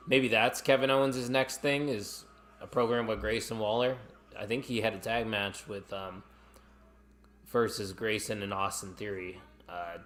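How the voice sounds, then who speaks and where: Bright-voiced man doing casual wrestling commentary. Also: fairly low pitch. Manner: chatty, reacting to the match and reading comments. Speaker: watch-along co-host. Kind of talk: casual live-stream commentary.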